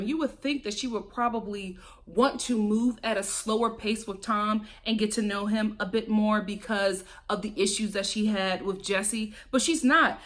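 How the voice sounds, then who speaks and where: A woman's voice: a little high, fairly bright tone. Sassy woman recapping reality TV. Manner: sassy, gossipy and emphatic, laughs often. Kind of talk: casual commentary.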